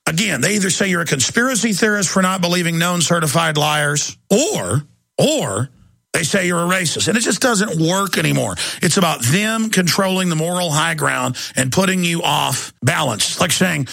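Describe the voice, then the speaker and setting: A man's voice: a little high, animated, normal speed, creaky, bright, forceful tone, no echo, studio quality. A man hosting a talk radio show, ranting sarcastically and acting out little exchanges. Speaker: radio host.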